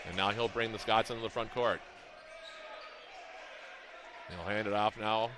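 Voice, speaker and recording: A man calling a college basketball game play-by-play, reading out plays, scores and shooting stats in a brisk, rhythmic way. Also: on the low side. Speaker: play-by-play announcer.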